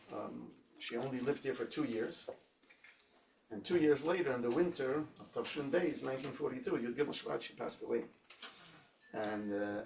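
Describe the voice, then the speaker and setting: A man's voice: mid-range voice, gravelly. A man teaching an informal Torah class as a rabbi, telling stories in a conversational way with many fillers and Hebrew terms. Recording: distant mic with faint noise.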